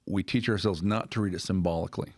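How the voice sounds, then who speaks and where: A man's voice: sits low, steady tone, fast talker, darkish tone, no echo, clean studio sound. A man hosting a podcast conversation, thinking aloud with restarts and checking in with "right?". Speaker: podcast host. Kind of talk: casual conversational discussion.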